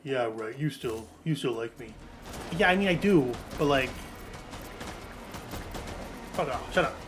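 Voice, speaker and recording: A young man streams a video game, offering casual, sweary commentary and joking with the on-screen characters. His medium-pitched voice is unhurried and plays over music, with steady background noise in the recording.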